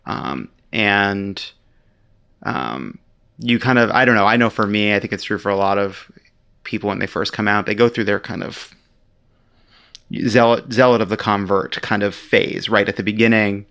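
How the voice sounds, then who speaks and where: A man's voice: fairly low pitch, normal speed, creaky, fairly bright tone. A man in his forties hosting a podcast interview, talking in a playful, rambling, joking way. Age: 40s. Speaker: podcast host. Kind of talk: conversational interview.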